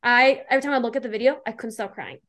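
A young adult woman, a fan guest, retells a story in casual chat with breathless, gushing enthusiasm. Her slightly higher, somewhat bright voice races along very fast, leaning heavily on "like" and acted-out quotes. She sounds eager and chatty throughout.

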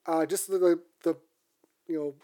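Woman, low voice, mellow tone, casual podcast chat, rambling with restarts. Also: steady tone, normal speed. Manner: rambling storyteller, frequent restarts.

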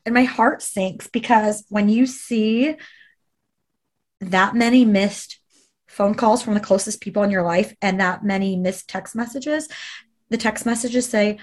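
A woman's voice: mid-range voice, measured pace. A woman telling an emotional personal story in an interview, earnest and conversational, with fillers and restarts.

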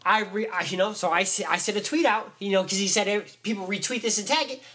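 A man's voice: high voice, quick pace, sharp tone, slightly rough. Rambling man talking boxing. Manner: rambling, many restarts and fillers. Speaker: podcast co-host. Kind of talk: casual sports chat.

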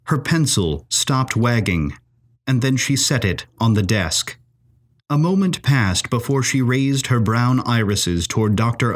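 A male narrator reads a period story in a measured, expressive style. He takes his time and lets his voice rise and fall widely. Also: mid-range voice.

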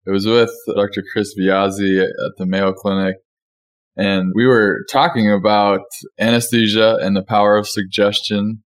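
A man's voice: fairly low pitch, little pitch movement, moderate pace. A man hosting a podcast, chatting in an easygoing, encouraging way with his guest. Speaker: podcast host. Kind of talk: casual podcast conversation.

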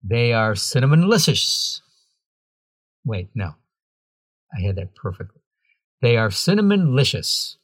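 Male host, husky voice, scripted read with wry deadpan asides, dry booth sound. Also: fairly low pitch, a little slow, pauses often, no echo. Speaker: podcast host.

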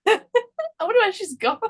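Woman, podcast co-host, playful casual talk, animated delivery. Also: very high-pitched, a little slow. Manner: playful and giggly.

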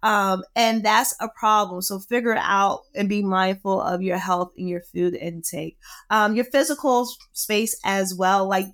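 A woman entrepreneur chatting as a podcast guest, animated and quick to laugh while telling stories. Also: mid-range voice. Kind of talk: casual conversation.

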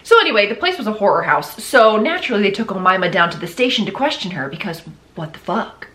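A woman's voice: mid-range voice, very animated, fast, bright, forceful tone, echoey room. A woman hosting a podcast, telling a true-crime story in a casual, blunt and profane way, with incredulous asides. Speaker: podcast host.

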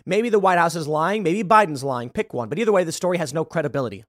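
A man in his thirties delivers political commentary as a podcast host, heated and emphatic. His pitch swings widely and sits fairly high for a man. The sound is close and dry. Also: expressive, fast talker, no room sound. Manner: heated, emphatic, repeats words when worked up.

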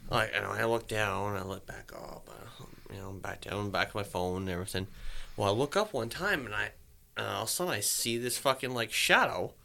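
A man's voice: medium pitch, vocal fry, pushed and bright. A man casually telling a long story, rambling and swearing, and acting out his own thoughts.

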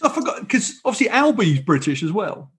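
Husky-voiced chatty male podcast host. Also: high voice, big pitch swings, fairly quick. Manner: rambling, self-correcting storyteller. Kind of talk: casual interview chat.

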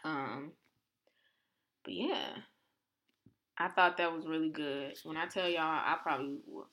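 Speaking a little slowly in a low voice, a woman co-hosts a podcast about faith. She's animated and conversational, acting out quotes energetically.

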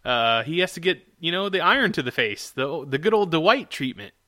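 A man with a bright, somewhat high voice chatting on a podcast. He rants with animation and swears freely, and he is quick to complain about characters. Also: very animated. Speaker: podcast co-host. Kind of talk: casual chat.

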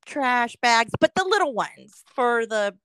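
A woman's voice: a little high, lively intonation, slow, fairly bright tone, clear, resonant tone, no room sound. A woman co-hosting a podcast in casual chat, ranting profanely and laughing often. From Oregon, US. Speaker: podcast co-host.

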